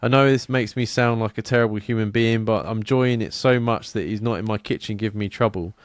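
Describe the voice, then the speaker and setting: A relaxed man chatting on a podcast, swearing freely and laughing easily. His voice sits on the low side and sounds close and dry, with no room around it. He talks the way mates talk over a drink. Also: fairly quick, no echo. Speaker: podcast co-host. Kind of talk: casual chat.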